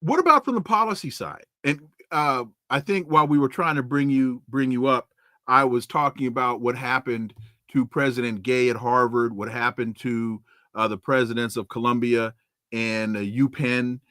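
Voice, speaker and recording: A man from California hosting an interview podcast, asking long, deliberate questions with stammered restarts. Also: mid-range voice, pushed and bright, dry recording, studio quality. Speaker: podcast host.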